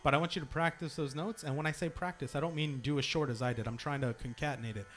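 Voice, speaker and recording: A man's voice: a little high, steady tone, fast talker, a bit bright, faint music behind. A young man at a temple, teaching a congregation how to practice long sung notes, encouraging and demonstrating as he goes. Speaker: temple singing leader. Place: temple hall.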